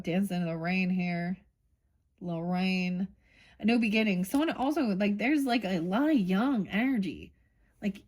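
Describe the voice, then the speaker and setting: A middle-aged woman doing a casual tarot reading, thinking aloud, rambling and swearing offhandedly. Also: mid-range voice. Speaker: tarot reader.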